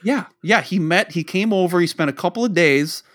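A man's voice: sits high, brisk, fairly bright tone. A man from the Boston area, co-hosting a podcast and telling a long rambling story, acting out the dialogue he quotes. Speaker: podcast co-host. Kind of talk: casual storytelling.

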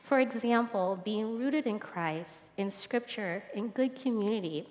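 A woman from the congregation reading out a calm, reflective personal testimony. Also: mid-range voice, unhurried. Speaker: congregation member sharing testimony. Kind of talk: read testimony. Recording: reverberant church hall.

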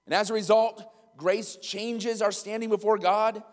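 Pastor, male, emphatic sermon delivery, high voice, echoing hall. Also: steady tone, a little slow. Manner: emphatic, plays out little scenes.

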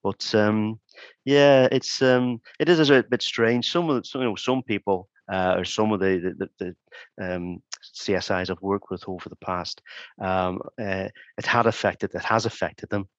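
A man's voice: lowish voice, moderate pace, dry recording. A man and former crime scene investigator, talking casually in an interview, hesitant with many ums and restarts. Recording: dull, dry sound.

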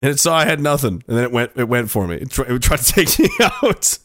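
A man's voice: medium pitch, sing-song, fast, a bit bright, no room sound, clean studio sound. A man hosting a casual commentary show, talking in a sarcastic, profane way into a headset mic.

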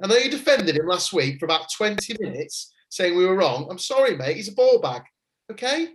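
A man hosting a podcast, telling stories in an excitable, jokey way. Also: high-pitched, brisk, slight background noise. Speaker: podcast host. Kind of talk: casual chat.

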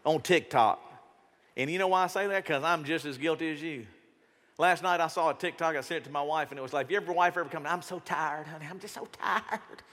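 A man preaches from a stage mic in a church auditorium, his voice high and bright. He talks casually and with lots of life, often putting on other people's voices. Long reverb trails off each phrase. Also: fast. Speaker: pastor. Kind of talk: sermon.

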